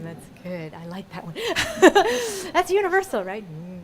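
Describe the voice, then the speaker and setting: A woman's voice: fairly high pitch, very animated, normal speed, hardly any pauses, a crowd in the background. A woman performer explaining audience call-outs at a live show in a museum, playful and chatty, laughing often. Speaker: solo musical performer.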